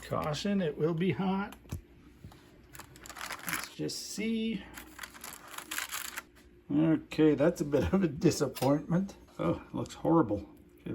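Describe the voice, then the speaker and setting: A man's voice: a little high, vocal fry, a little mellow, slight background noise. A man from North America giving a casual food review at home in his kitchen, blunt and openly disgusted.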